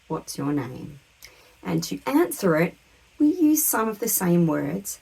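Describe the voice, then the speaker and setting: A woman teaching beginner French, with a slightly husky, gravelly voice that rises and falls in a lively way. She speaks slowly and patiently and models each word clearly so learners can copy it. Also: lowish voice, low-quality recording. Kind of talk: beginner language lesson.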